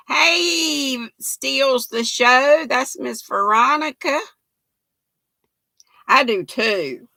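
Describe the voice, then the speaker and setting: A woman's voice: sits high, creaky, sharp tone, no echo. An older woman, chatting folksily with viewers and reading their comments on a knitting livestream, laughing often. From United States.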